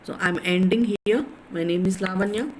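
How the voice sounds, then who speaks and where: A woman lecturer with an Indian English accent, teaching word stress slowly and repeating each word aloud to drill it. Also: mid-range voice, slight background noise, low-quality recording.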